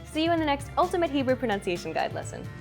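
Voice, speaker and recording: A woman's voice: sits high, sing-song, rapid-fire, over loud music. Woman, lesson host; scripted narration, friendly, asks questions to engage learners.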